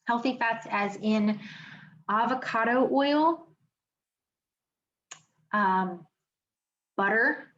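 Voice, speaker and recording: A woman's voice: a little high, very slow, pauses often, a bit bright, lo-fi sound. A woman giving a casual wellness seminar from her home office, chatty and emphatic, with many fillers. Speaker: wellness educator.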